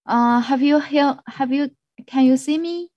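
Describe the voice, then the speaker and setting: A woman with a Mandarin Chinese accent teaching an English vocabulary class online, speaking slowly and repeating each word. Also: sits high, mellow, no echo, muffled recording. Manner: slow, repeats words, mixes in Mandarin explanations. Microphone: video call.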